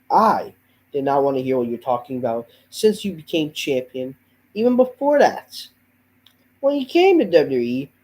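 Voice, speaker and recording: A man's voice: a little high, mellow, poor audio. A man hosting a wrestling review show, ranting in a profane, exasperated way while feeling under the weather, his voice a bit off.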